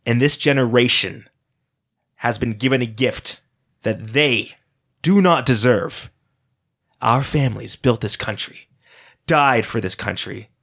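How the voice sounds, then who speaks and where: A man's voice: mid-range voice, a bit bright. A man voicing a charming, sinister bald male auctioneer who talks like a preacher, in a read-aloud story. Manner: preacher-like oration, drawn-out words. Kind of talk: story reading.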